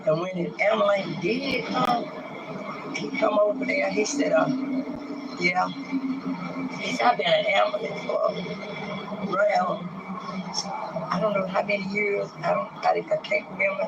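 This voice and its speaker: Halting, gravelly man in his sixties. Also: high voice, expressive, highs cut off, heavy background noise. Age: 60s. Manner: halting, hesitant retelling with many pauses and restarts. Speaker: man recounting a police arrest. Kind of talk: recorded street interview.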